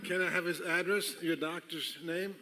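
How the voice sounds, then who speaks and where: A man's voice: high-pitched, steady tone, moderate pace, bright, forceful tone. A man in his seventies making dry, self-mocking remarks on a convention panel stage. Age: 70s. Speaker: panel guest. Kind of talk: live panel banter. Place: convention stage before a crowd.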